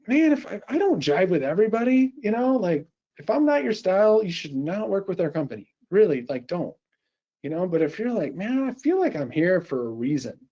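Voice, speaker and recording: High-voiced energetic male sales presenter. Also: dull audio. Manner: energetic, conversational, full of quick restarts. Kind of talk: live sales pitch and software demo.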